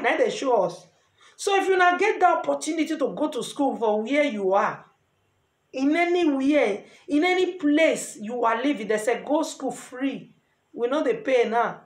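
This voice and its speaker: A middle-aged woman with a Nigerian Pidgin English accent, earnestly giving lively advice in a casual vlog. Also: high voice. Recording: echoey room.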